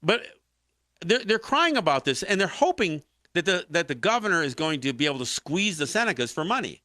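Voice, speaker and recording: A man's voice: fairly high pitch, brisk, dry recording, clean studio sound. A man hosting a political talk show, arguing a point with passion and many restarts. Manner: animated, impassioned commentary with frequent restarts.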